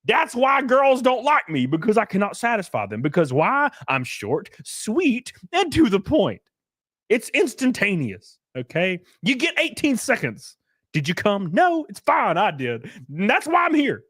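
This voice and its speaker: A man hosting his livestream in casual chat, loud and joking, who breaks into sudden yelps of excitement. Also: high-pitched, a little slow, dry recording, studio quality. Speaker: streamer host.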